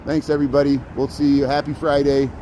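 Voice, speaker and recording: A middle-aged man rambles cheerfully into his phone as he strolls down a city sidewalk on a live stream. His voice sits at an ordinary middle pitch, and faint street noise hums underneath. He chats loosely and calls out to viewers by name. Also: monotone, quick pace, warm tone, rough recording. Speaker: live-streaming walking vlogger. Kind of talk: casual live-stream narration. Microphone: phone held while walking.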